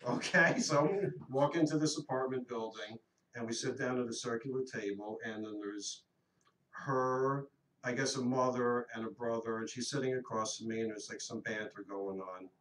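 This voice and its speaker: A man in his fifties telling a story in a casual, animated and earnest way on a talk radio show. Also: mid-range voice, moderate pace. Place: radio studio. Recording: roomy echo, mic at a distance.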